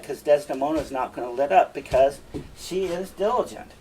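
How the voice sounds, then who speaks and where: A man's voice: a little high, lively intonation, moderate pace, darkish tone. Man casually explaining a play. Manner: casual, emphatic paraphrasing. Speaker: teacher. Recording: distant mic, faint room noise.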